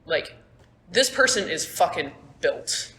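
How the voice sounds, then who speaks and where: A woman's voice: on the low side, lively intonation, slow pace, bright, forceful tone. A young woman narrating as game master in a casual, swearing style, recorded on a phone in a room at school. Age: young adult. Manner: casual, swearing, laughs at own slips. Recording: echoey room, phone, faint noise.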